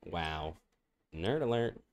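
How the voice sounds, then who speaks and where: A man's voice: low voice, lively intonation, takes it slowly, slight background noise. A man streaming a video game, chatting in a playful, rambling way and coughing now and then. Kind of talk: casual gaming stream chat.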